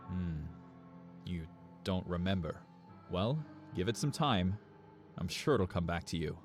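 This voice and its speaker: A man playing a tall, calm security guard with an Australian or New Zealand accent, gently pleading with a young woman. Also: deep voice, measured pace. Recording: faint music behind.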